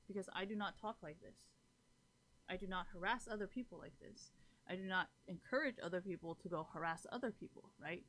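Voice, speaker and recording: A woman's voice: mid-range voice, a bit bright. Woman on a live stream ranting, blunt and sweary, keeps going "right?". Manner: keeps checking in with listeners. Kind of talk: casual talk to stream chat.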